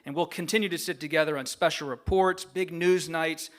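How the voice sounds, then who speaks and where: A man's voice: fairly high pitch, fairly even intonation, a little fast, a bit bright. A man giving a formal, earnest acceptance speech at a gala, reading prepared remarks of thanks from a podium microphone. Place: large gala banquet room.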